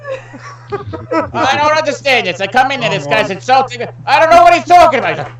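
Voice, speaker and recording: A man's voice: very high-pitched, very animated, brisk, a bit bright, echoey room, distant mic, low-quality recording. A man co-hosting a casual online show, riffing crude comedic bits with mock outrage.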